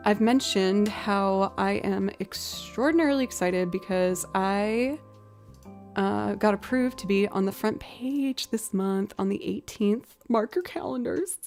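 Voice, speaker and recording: A woman's voice: mid-range voice, measured pace, darkish tone, faint music behind. An American woman from near Boston, a musician streamer, chatting casually and thinking aloud between songs. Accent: American, light Southern slips. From outside Boston, USA. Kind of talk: casual live-stream chat.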